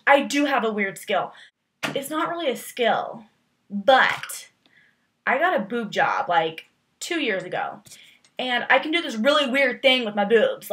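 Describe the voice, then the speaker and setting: A woman's voice: on the high side, fairly bright tone, slight background noise. A young woman vlogging casually, rambling through tag questions with lots of fillers and playful, exaggerated emphasis.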